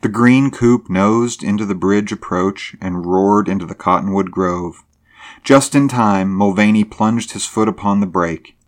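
A man reads a story aloud in a steady, measured narration. His voice sits on the low side. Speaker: audiobook narrator. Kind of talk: scripted narration.

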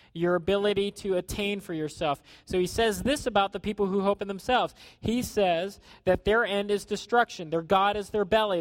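A man preaching a sermon in a conversational way, acting out quotes and dropping to a hushed tone at times. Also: high-pitched, no room sound. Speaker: pastor.

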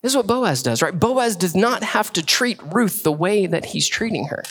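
A man, preaching a sermon in a conversational, animated way with quick asides. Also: high voice, breathy edge. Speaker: pastor.

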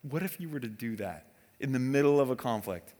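A man preaching a conversational sermon as a pastor, animated and often asking the audience questions. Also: medium pitch, a little fast. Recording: long hall reverb.

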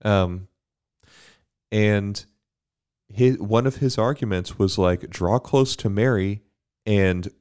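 A man, a priest co-hosting a podcast, talking in a relaxed, thoughtful way with frequent fillers and easy laughs. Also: on the low side, slow pace, pauses often, clean tone. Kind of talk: casual faith podcast chat.

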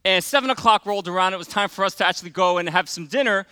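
A middle-aged man preaches in a relaxed storytelling style, full of small fillers and quiet drops for emphasis. His voice is a little high for a man, bright and smooth. The sound is close and dry. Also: rapid-fire, dry recording. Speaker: pastor. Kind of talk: sermon with personal story.

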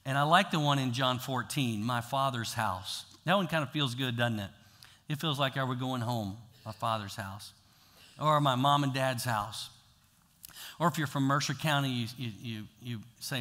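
A pastor preaching a sermon in a casual, talky way, swinging from loud to hushed. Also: male voice, medium pitch, normal speed. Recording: long hall reverb.

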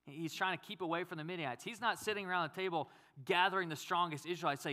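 A man's voice: high-pitched, fast, bright, forceful tone. A male pastor giving a conversational sermon, acting out quotes and asking the audience questions.

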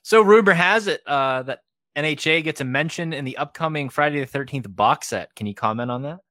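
Bright-toned man hosting a live interview. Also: on the high side, brisk, dry recording, studio quality. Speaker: livestream interviewer.

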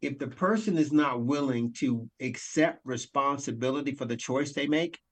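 A man's voice: medium pitch, moderate pace, husky. A man who is a coach, talking earnestly in a motivational conversation and often checking in with "right?".

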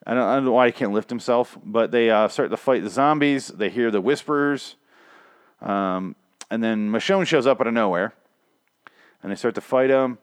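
A young solo podcaster rambles through a TV episode recap, swearing, grumbling, and frequently starting over. His medium-pitched voice is smooth and moves at a normal speed. It's a clean studio recording with no room sound.

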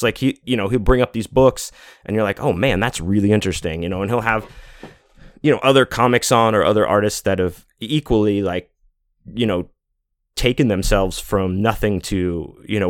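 Rambling low-voiced man podcasting. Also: dry recording, studio quality. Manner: rambling, profane, many restarts and fillers. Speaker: podcast host. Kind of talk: casual monologue.

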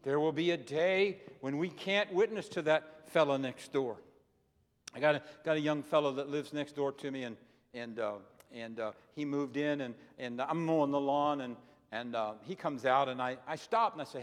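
A man's voice: fairly high pitch, normal speed. A retired pastor in his sixties preaching a sermon, telling personal stories in an earnest way and often repeating his words. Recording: long reverb of a large hall.

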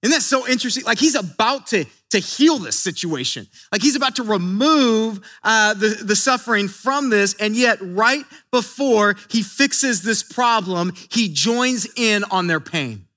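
A man's voice: high-pitched, animated, measured pace, hardly any pauses, bright, forceful tone. A man preaching a sermon in an earnest way, often repeating words as he builds emphasis. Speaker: pastor.

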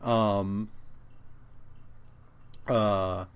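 Man, podcast co-host, slow and rambling recap, filler-heavy, profane. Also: on the low side, fairly even intonation, clear, resonant tone. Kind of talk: casual comic book recap chat.

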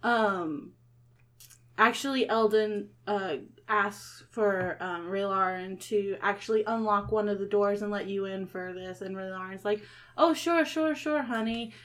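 A woman, running a tabletop game as game master, relaxed and hesitant with many ums. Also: medium pitch, measured pace.

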